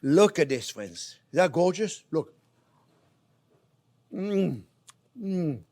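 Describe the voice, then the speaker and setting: Male chef, animated sing-song pitch, fairly high voice, effusive, murmurs softly to the food. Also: slow. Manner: effusive, croons "oh yeah, baby" to the food; often drops to soft murmurs over the dish. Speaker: cooking show host. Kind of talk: casual cooking demonstration.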